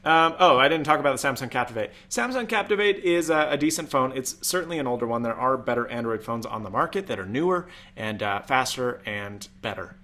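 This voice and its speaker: A man's voice: medium pitch, expressive, a little fast, hardly any pauses, pushed and bright. A young man hosting a casual tech live stream, chatty and rambling, with jokey asides. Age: young adult. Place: home room.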